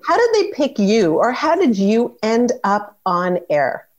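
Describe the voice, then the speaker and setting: A woman's voice: a little high, sing-song, a little slow, lo-fi sound. A woman hosting a casual interview, amused and encouraging as she asks questions.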